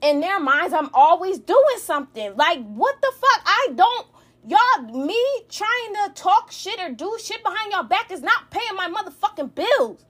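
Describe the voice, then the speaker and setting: Heated high-voiced woman in her thirties. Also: sing-song, measured pace, fairly bright tone. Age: 30s. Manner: heated, profane, rambling with many restarts. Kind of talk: emotional storytime rant.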